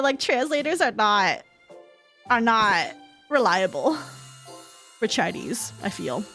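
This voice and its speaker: Young woman streamer, high and very animated voice, rambling casual chat full of laughs and swearing, faint game music underneath. She sounds relaxed and chatty as she reads out and answers her audience. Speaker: VTuber streamer. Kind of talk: casual chat with viewers while reading chat.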